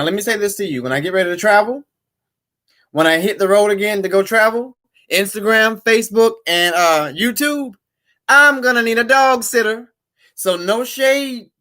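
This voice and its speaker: A man's voice: high-pitched, sharp tone. A middle-aged man hosting a live-streamed talk show, chatting casually and playfully with his viewers. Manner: chatty, addresses viewers directly, playful asides.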